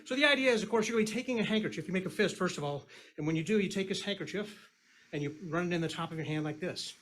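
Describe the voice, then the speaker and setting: Brief: male stage magician, slightly high voice, corny punning patter, teasing the crowd live. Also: racing, fairly bright tone, slight background noise. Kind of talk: comedy magic act with audience banter. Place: live stage before an audience.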